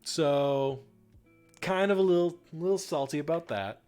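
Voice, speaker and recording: A young man from the northern United States chats casually while painting on a livestream, rambling and swearing freely with plenty of fillers. His smooth voice is on the high side, darkish in tone, with a measured pace, and faint music plays behind.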